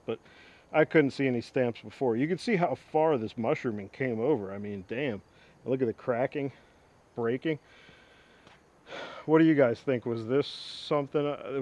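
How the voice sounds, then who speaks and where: A man's voice: medium pitch, darkish tone, dull audio. A man hosting an axe restoration vlog, talking casually in a rambling, enthusiastic way with frequent asides. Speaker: host of an axe restoration channel. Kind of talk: casual show-and-tell vlog.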